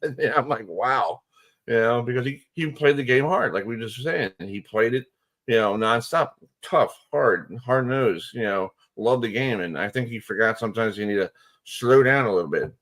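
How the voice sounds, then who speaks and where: A man hosting a sports radio show, chatting casually and telling stories in a rambling, excitable way with lots of fillers. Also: mid-range voice, moderate pace.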